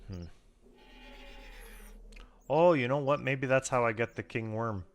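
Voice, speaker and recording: A man's voice: medium pitch, unhurried. A man giving casual, chatty gameplay commentary, self-deprecating and swearing now and then. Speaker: streamer.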